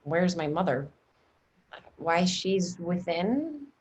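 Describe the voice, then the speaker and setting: Woman playing young girl in love, eager, pleading, lowish voice. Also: very animated, slow, a little mellow, dull audio, a little hiss or hum. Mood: impatient. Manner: impatient, pleading. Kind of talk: video-call table read of a play.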